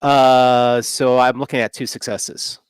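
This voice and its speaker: A man playing a tabletop game, easygoing and a little hesitant as he sets up his moves. His voice is smooth and clear at a middle pitch. The sound is dry and close. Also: level tone, slow pace, no echo. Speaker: player. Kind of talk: casual game talk.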